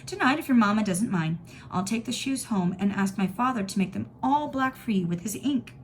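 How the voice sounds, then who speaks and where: A woman voicing a kind, calm young girl who speaks gently and reassuringly in a storybook reading. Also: medium pitch, fairly quick, slight background noise, natural voice. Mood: gentle. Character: kind, calm ten-year-old girl.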